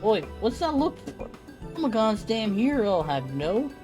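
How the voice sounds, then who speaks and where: A streamer voicing a boastful, gruff retired mercenary in a video game, swaggering and taunting with folksy slang, while faint game music plays behind. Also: mid-range voice, very animated, a little slow, voice pushed up.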